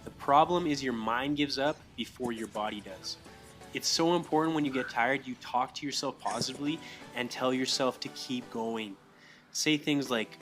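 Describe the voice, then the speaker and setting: A man giving a steady motivational fitness voice-over. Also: mid-range voice, normal speed, soft background music.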